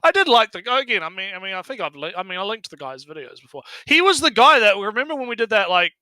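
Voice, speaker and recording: A man co-hosting a casual anime discussion stream, excitable, laughing often and restarting his sentences. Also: high voice, fast talker, no room sound. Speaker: stream co-host.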